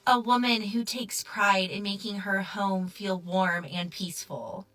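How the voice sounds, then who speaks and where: A woman speaking slowly and deliberately in a bright, forceful voice. She states her opinions earnestly and with emphasis, a little away from the mic. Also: mid-range voice, steady tone, recorded from a distance, rough recording. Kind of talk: opinion monologue.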